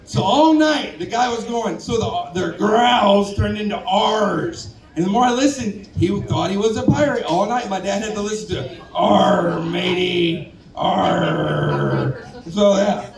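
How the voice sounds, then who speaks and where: A man's voice: high voice, expressive, normal speed, few pauses. A man, telling stand-up stories in a laid-back drawl on a saloon stage. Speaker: stand-up comic. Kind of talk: stand-up comedy set. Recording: roomy bar recording from far off with crowd.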